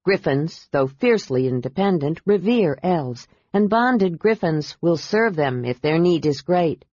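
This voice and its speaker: A woman reading a fantasy novel aloud as audiobook narrator, with a measured, steady delivery. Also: fairly low pitch, dry recording. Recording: dull dry audiobook recording.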